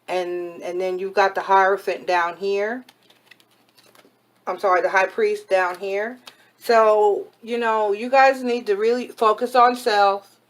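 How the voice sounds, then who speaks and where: A woman's voice: medium pitch, fairly even intonation, slow. Woman, tarot reader, casual talk to camera, blunt motherly advice, slightly worn voice. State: voice worn from overuse. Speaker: tarot reader and spiritual advisor.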